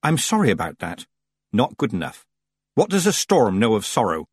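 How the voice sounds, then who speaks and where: Man doing cold bossy old witch lady, clipped, husky voice. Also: fairly low pitch, huge pitch swings, moderate pace, no echo, studio quality, full character voice. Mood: stern. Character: stern, icy old woman witch.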